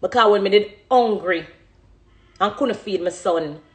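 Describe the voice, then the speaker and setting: In a measured, mid-range voice, a Jamaican woman in her thirties who works as a dancehall artist reflects on her career. The speech is unscripted and emotional, delivered with passion and emphasis and full of thanks.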